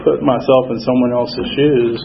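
A man telling his personal recovery story at a support meeting, in a halting, earnest way with many fillers. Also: mid-range voice, fairly even intonation, gravelly. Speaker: AA speaker sharing his story. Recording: dull lo-fi recording with faint noise.

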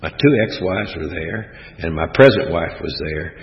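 Old guy in his 70s rambling thru his story at a recovery meeting, deep gravelly voice, echoey hall. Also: lively intonation, moderate pace. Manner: rambling and folksy, many fillers. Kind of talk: personal testimony to a group. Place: meeting room. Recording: echoey hall, dull lo-fi sound, faint hiss.

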